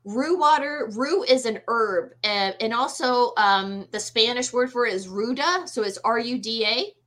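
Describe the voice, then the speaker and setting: A woman, a medium, telling her own ghost experience in a casual interview, animated and full of fillers and restarts. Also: fairly high pitch, measured pace. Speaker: guest medium.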